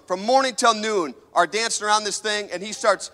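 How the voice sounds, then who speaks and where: A man's voice: sits high, moderate pace, bright, forceful tone, big-room sound, faint music behind. A man preaching a sermon, emphatic and full of questions put to the audience.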